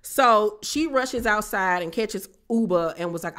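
A woman giving a casual, sassy recap of a reality TV episode, talking straight to her viewers with animated asides. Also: mid-range voice, moderate pace, few pauses.

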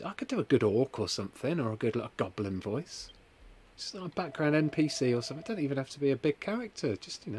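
Male streamer; chatty, jokey game commentary; lively, swinging delivery. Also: medium pitch, slight background noise. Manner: chatty, jokey, reads viewer comments aloud. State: hot and sweaty. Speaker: Let's Play streamer. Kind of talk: casual gameplay commentary.

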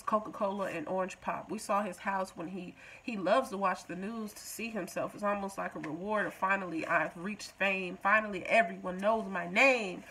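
A woman's voice: medium pitch, a bit bright, a little hiss or hum, low-quality recording. A woman recapping a TV episode in a casual, joking way, talking back to the show. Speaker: TV recap vlogger.

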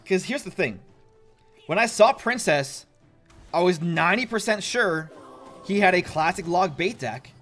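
Chatty young man with an animated voice. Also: sits high, measured pace, long pauses, faint music behind. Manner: chatty, self-mocking, laughs often. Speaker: gaming YouTuber. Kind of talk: casual gameplay commentary.

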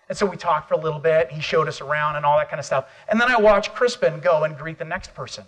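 A middle-aged American man giving an energetic motivational keynote at a conference, calling on the audience for responses. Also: a little high, fast talker, hardly any pauses. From United States. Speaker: motivational speaker.

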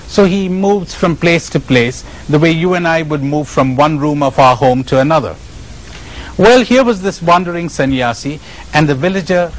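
A man with an Indian accent giving a spiritual lecture, telling stories emphatically with dramatic pauses and chuckles. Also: a little high, low-quality recording. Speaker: spiritual retreat speaker.

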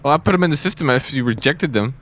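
A man's voice: medium pitch, expressive, very fast, fairly bright tone, slight background noise. Teasing man chatting over a game. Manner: teasing, laughs often. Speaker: game player. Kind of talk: casual gaming chat.

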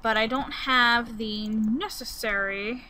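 A young woman giving casual gameplay commentary, musing aloud as she builds and breaking into sudden excited outbursts. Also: on the high side, slow, slight background noise, low-quality recording. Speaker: Let's Play gamer.

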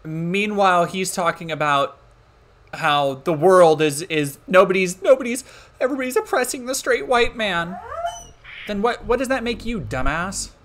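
Reaction streamer, cursing and sarcastic, mid-pitched everyday voice. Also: expressive, normal speed, fairly bright tone. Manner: profane, scornful, sarcastic. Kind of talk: live-stream reaction commentary.

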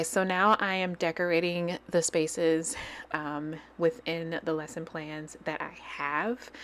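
Low-voiced, chatty woman planner vlogger. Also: slight background noise. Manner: chatty and rambling, gushing, with soft near-whispered asides. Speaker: planner channel host. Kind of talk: casual chat while decorating a digital planner. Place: at home. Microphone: desk microphone.

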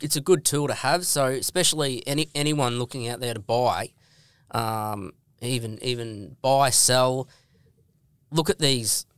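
A man's voice: medium pitch, unhurried, smooth, no room sound. An Australian man who works as a real estate agent, a podcast guest telling stories bluntly and swearing freely. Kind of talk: casual podcast interview.

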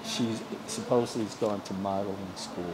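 A man talking in a low-key, gossiping way. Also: fairly even intonation, normal speed. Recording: noisy crowd behind.

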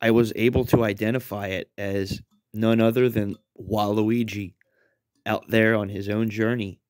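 A man in his thirties narrating a story in a deadpan, wry, profane way. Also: lowish voice, measured pace, no echo, studio quality. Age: 30s.

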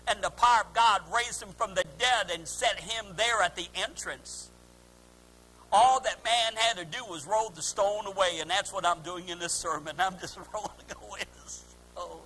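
A man preaching a fervent sermon as pastor, swinging between quiet, drawn-out lines and shouted calls. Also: high voice, slight background noise, low-quality recording.

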